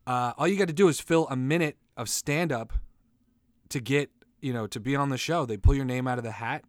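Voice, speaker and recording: This is a man running a loose comic monologue on his own show, laughing at his own jokes and mocking himself. He admits he is high. His voice is mid-pitched and recorded dry, with no room echo. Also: brisk. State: says he is high. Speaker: solo show host.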